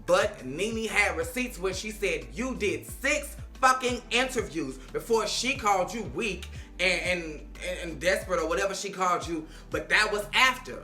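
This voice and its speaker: A woman's voice: medium pitch, animated, normal speed, hardly any pauses, sharp tone. A woman recapping reality TV in a casual, blunt and sassy way, swearing freely and talking straight to the cast. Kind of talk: casual, profane TV recap vlog. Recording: echoey room, faint music.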